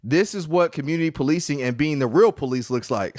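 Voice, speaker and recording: A man with a slightly high voice tells stories on a podcast with lively energy and frequent laughs. His voice sounds close and dry, with no room echo behind it. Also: a little fast. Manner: animated storytelling, laughing often. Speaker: podcast co-host. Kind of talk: casual podcast chat.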